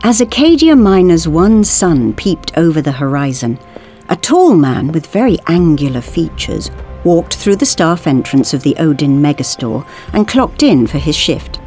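Woman narrator, audiobook reading, low voice with lively melody, faint music behind. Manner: expressive, measured storytelling. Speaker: audiobook reader. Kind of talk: scripted narration.

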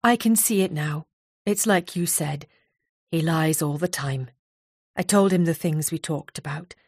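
A woman's voice: deep voice, a little slow, breathy edge, no echo, studio quality, heavily acted. A woman voicing a tearful, self-critical woman of forty in an audiobook. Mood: bitter.

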